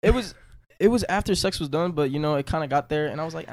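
A young man telling funny stories to friends, animated and laughing mid-sentence. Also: a little high, fast talker. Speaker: contestant. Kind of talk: casual storytelling.

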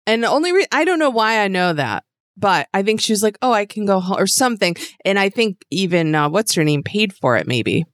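A woman's voice: medium pitch, sing-song, brisk, dry recording, clean studio sound. A woman co-hosting a casual podcast, recapping a movie with wry jokes and laughter. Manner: wry, joking asides with laughter. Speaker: podcast co-host.

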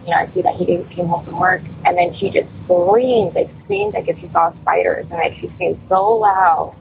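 A woman's voice: fairly low pitch, vocal fry. A woman calling in to tell a personal story, rambling with lots of fillers. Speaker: caller. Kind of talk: casual phone-in storytelling. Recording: tinny phone line with faint hiss.

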